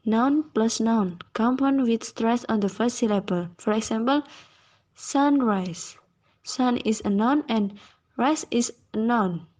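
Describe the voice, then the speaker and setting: Slow careful young woman student. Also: fairly high pitch, a little mellow. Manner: careful, slow, list-like reading of examples. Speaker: student presenter. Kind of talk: reading class presentation.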